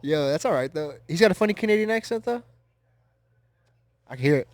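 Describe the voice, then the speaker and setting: A man co-hosting a podcast in casual chat, loose, joking and slangy, and openly high. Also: animated, fairly quick. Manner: loose, joking, slangy, talks over others. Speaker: podcast co-host.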